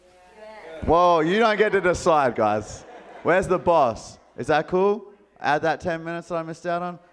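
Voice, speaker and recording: A man's voice: fairly high pitch, measured pace. A man with an Australian accent telling a jokey story to a live audience, acting out the voices of the people in it. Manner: animated, jokey, acts out quoted voices. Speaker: motivational speaker. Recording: reverberant hall.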